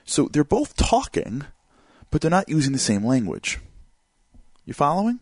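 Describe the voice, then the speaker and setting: A man giving a motivational talk. He speaks in an animated way, fills his speech with "like" and "you know", and keeps asking rhetorical questions. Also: a little high, normal speed, dry recording, clean studio sound. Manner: animated, asks rhetorical questions and acts out examples; many fillers such as "like" and "you know".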